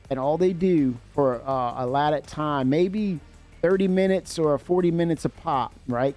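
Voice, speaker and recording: Excitable, rambling male streamer. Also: a little high. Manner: excitable, rambling, laughs often, many fillers. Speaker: livestream host. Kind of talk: casual chat.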